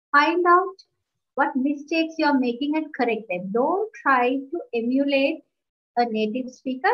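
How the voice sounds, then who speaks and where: A woman co-hosting an English-learning talk, giving direct and instructive advice to viewers and often checking with "right?". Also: high voice. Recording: dull lo-fi audio.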